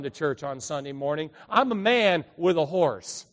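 High-voiced preaching man in an echoey hall. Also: normal speed, hardly any pauses. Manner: animated preaching, swinging between loud bursts and quiet asides. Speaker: pastor. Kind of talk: sermon. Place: church sanctuary.

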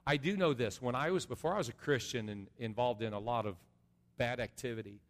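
A middle-aged man preaching an earnest sermon as a pastor, going from soft and low to loud and high. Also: brisk. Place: large church sanctuary. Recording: long reverb of a large hall.

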